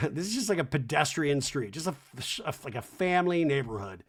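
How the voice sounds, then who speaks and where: A podcaster giving a sarcastic, animated comic recap of a show, with laughing asides. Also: mid-range voice, brisk.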